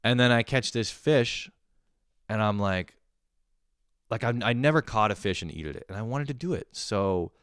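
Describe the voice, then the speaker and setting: A man's voice: fairly low pitch, lively intonation, normal speed, fairly bright tone, clear, resonant tone, no room sound, clean studio sound. A young man telling a rambling, profane story in a casual monologue, often laughing at himself. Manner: rambling, swears a lot, laughs at his own stories. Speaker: podcast host.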